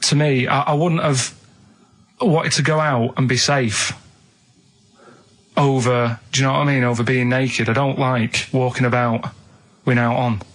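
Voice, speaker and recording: A man, chatting on a radio show. He tells long, rambling stories in a flat, deadpan way, with many small asides. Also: medium pitch, a little slow. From England. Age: 30s. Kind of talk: casual radio chat. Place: radio studio.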